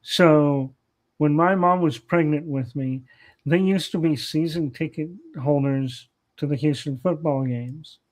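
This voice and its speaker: A man with a somewhat high voice, talking slowly as a podcast guest. He tells family anecdotes in an easygoing, meandering way and stops often to restart his sentences with fillers. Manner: rambling, many fillers and restarts. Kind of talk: casual anecdotal storytelling.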